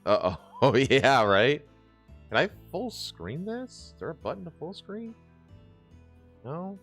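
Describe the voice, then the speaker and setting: Podcast host, male, laid-back rambling reactions, very animated delivery. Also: medium pitch, slow, soft background music. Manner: laughing, rambling, swears casually. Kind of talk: casual chat reacting to clips.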